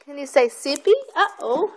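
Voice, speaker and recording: A woman's voice: high-pitched, animated, moderate pace. A woman filming a toddler on her phone at home, patiently prompting her to repeat words in a sing-song way and praising her often. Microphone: phone camera held by the speaker.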